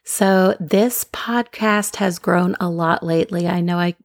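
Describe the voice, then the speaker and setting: Woman podcast host, calm and gentle, lowish voice, dry close sound. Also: measured pace, no room sound. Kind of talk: casual chat to listeners. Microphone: podcast microphone.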